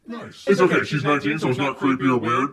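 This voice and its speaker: A man's voice: medium pitch, fast, distant mic, over a noisy crowd. A young man giving a casual, irreverent movie review and swearing freely.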